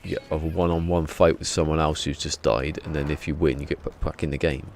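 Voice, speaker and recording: Man, game streamer, very low gravelly voice, rambling chat, noisy home stream audio. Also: steady tone, a little fast. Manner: rambling, chatty, self-deprecating. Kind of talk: casual live-stream chat.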